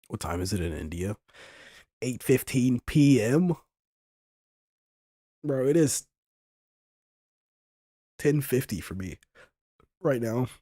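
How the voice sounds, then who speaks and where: A male streamer chatting with viewers from home, exclaiming and cursing loosely. His husky voice swings widely up and down at an unhurried pace, close and dry on the mic. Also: medium pitch, lively intonation, warm tone, no echo. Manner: exclaiming, swearing, talking to chat. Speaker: game streamer. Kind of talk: casual live-stream chat.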